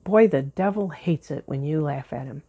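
A woman's voice: deep voice, moderate pace, warm tone, breathy edge. A woman pastor giving an earnest, conversational sermon, stressing points by repeating words.

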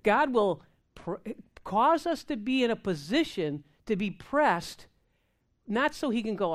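A woman's voice: a little high, a little slow. Amped-up woman preaching a sermon. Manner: animated, amped-up preaching with laughs and acted-out prayers.

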